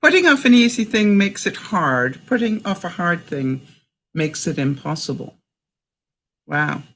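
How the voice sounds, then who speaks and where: An older woman from Canada talks straight to her viewers in a relaxed, chatty way. Her pitch rises and falls a lot as she goes. She often laughs between lines and reads out old sayings. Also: unhurried, a little hiss or hum. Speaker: vlogger. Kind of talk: casual chat to viewers.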